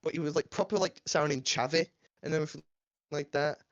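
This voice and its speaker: A man's voice: on the high side, steady tone, fast talker, dry recording, muffled recording. A young Englishman, telling a story in a laid-back, casual way and swearing freely as a podcast co-host. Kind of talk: casual storytelling among friends.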